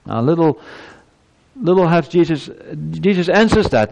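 A male pastor preaching a sermon to his congregation, emphatic and swinging from soft passages to loud exclamations. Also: on the high side, expressive, normal speed, creaky. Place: church. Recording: long church-hall reverb.

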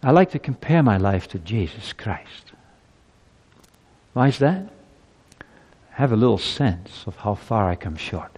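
A man in his fifties preaching a sermon, moving from quiet reflection to loud, urgent appeals. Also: fairly low pitch, sing-song, measured pace, pauses often, slightly rough. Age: 50s.

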